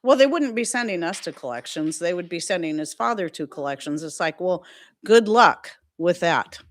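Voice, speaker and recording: A woman's voice: on the low side, animated, a little fast. A middle-aged woman chatting casually on her livestream, rambling from one story to the next and reading out viewer comments. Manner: chatty, rambling, reads chat comments aloud. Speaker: livestream host.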